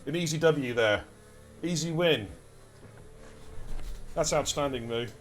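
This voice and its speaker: A man giving live commentary on an online racing league, excitable and chatty, talking straight to his viewers. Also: on the high side, slow pace, a little hiss or hum. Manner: excitable, chatty, addresses chat directly. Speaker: race commentator and streamer. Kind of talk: live esports race commentary.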